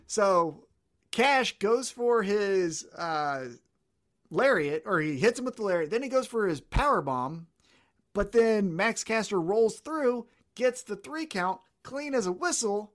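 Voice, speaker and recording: A man's voice: sits high, animated, takes it slowly, a bit bright. A man co-hosting a wrestling podcast, chatting casually and swearing freely, sometimes losing track of names. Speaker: podcast co-host.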